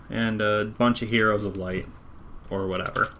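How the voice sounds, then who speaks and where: A man running a tabletop game as game master, narrating in a relaxed, rambling way. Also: fairly low pitch, moderate pace, a little hiss or hum. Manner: relaxed, rambling wrap-up with fillers.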